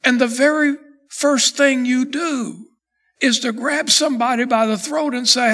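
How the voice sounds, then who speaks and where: A man preaching a sermon as pastor, reading scripture slowly and then building in intensity. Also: very high voice, steady tone, a bit bright.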